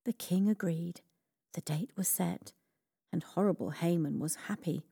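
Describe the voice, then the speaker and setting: A woman reading a children's Bible story aloud as storyteller, slow and expressive. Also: lowish voice, creaky, husky, dry recording, studio quality.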